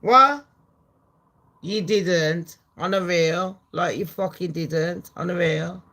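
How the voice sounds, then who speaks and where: A woman giving swearing, animated gossip commentary on her channel. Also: on the low side, slow pace. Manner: animated, swearing, laughing asides. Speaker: commentary vlogger.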